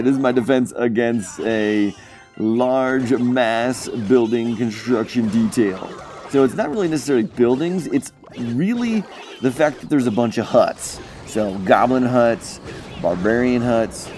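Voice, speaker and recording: A young man hosting his gaming channel, chatty and jokey, commentating a mobile strategy match and getting excited at close moments. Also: mid-range voice. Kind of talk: gameplay commentary.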